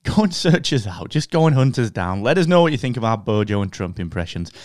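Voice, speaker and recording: A man's voice: medium pitch, big pitch swings, fast, a little mellow, no echo, studio quality. Jokey man hosting a podcast. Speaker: podcast host. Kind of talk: casual podcast chat.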